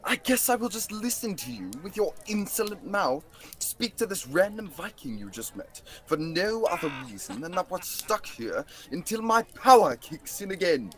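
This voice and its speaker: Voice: mid-range voice, very animated, fairly bright tone. Thaddeus, a teen acting a pompous talking book. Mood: haughty. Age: teens. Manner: haughty, formal, slow, turns to panic. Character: pompous talking magic book, male, easily flustered. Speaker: student actor. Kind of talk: school radio theatre.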